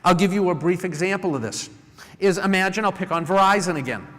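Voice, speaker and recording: A middle-aged man from New England giving a live conference talk, a lively storyteller who acts out customer phone calls. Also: sits high, fairly quick. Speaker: conference speaker. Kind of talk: live presentation to an audience. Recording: long hall reverb.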